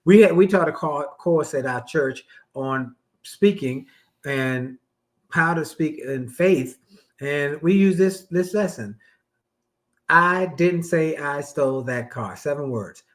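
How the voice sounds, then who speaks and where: A man's voice: a little high, slow, reverberant. A middle-aged man co-hosting a marriage talk show, speaking with enthusiastic, preacher-like emphasis. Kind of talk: casual radio-style chat.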